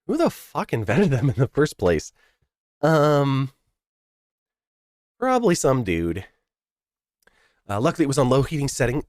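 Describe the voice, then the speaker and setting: A man's voice: on the low side, dry recording, studio quality. A man livestreaming from his home setup, casually chatting with viewers and telling a long story, his voice jumping up when he quotes people. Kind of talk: casual chat with stream viewers.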